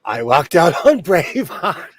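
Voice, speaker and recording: A man's voice: a little high, big pitch swings, measured pace. A man from California hosting a casual chat, rambling along and laughing often. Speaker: podcast host.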